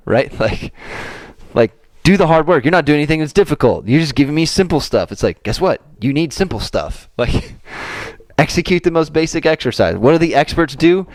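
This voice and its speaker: A man co-hosting a casual podcast, telling a story with animated swings as he acts out his own frustration. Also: medium pitch, fairly quick, no room sound. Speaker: golf coach and podcast co-host.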